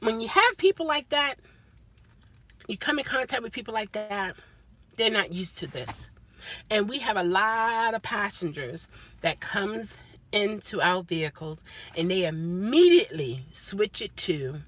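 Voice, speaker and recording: A middle-aged woman rideshare driver ranting casually in a vlog, animated and mimicking her passengers. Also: mid-range voice, measured pace, long pauses, breathy edge.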